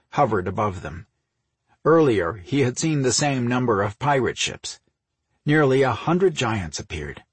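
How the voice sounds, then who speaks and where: A man narrating an audiobook in a steady, unhurried reading, close on the microphone. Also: medium pitch, husky, no room sound. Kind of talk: scripted narration.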